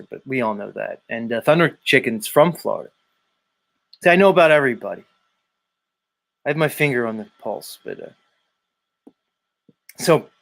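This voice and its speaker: A man's voice: mid-range voice, fairly bright tone. A man in his forties hosting a live stream, loosely bantering with viewers, greeting them by name and swearing now and then. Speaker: livestream host. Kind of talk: casual chat reading viewer comments.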